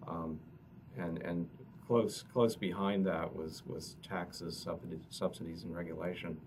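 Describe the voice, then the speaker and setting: Low gravelly man, halting, distant mic. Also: steady tone, darkish tone. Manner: halting, repeats words often. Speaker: economist presenting survey results. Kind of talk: press conference answers. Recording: distant mic with noticeable noise.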